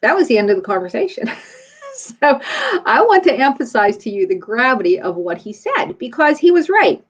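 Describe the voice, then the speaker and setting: A middle-aged woman speaking in a relaxed, conversational way. She gives a faith-based motivational talk, and her pitch rises and falls a lot. The recording sounds dull and lo-fi. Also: moderate pace, husky. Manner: conversational storytelling. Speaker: chiropractor.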